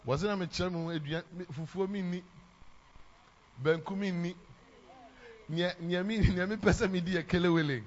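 A Ghanaian man preaches a sermon with a high-pitched voice, hammering his points home by repeating them. His Ghanaian English accent is strong. The recording sounds dull and lo-fi. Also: normal speed, pauses often, slight background noise. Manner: emphatic, repeats lines for effect, mixes in Twi phrases.

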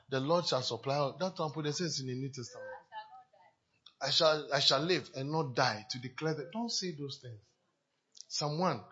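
A man's voice: a little high, bright, forceful tone, slightly rough, highs cut off. A man preaching a sermon as a pastor, speaking emphatically and repeating his exhortations to the congregation.

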